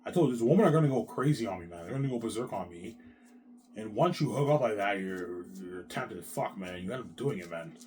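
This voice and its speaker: A man in a rambling monologue, repeating himself, swearing and jumping between quiet mumbles and loud outbursts. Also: fairly low pitch, expressive, quick pace. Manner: repetitive, restarts, keeps saying "man"; profane, agitated swings in loudness.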